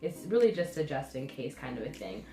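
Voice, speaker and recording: A woman's voice: rumbling low, very animated, fairly quick. A young woman vlogging about her hair care, talking casually with a stuffy, nasal voice from the flu and many hesitant ums. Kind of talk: casual talking-to-camera vlog. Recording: roomy sound with music behind.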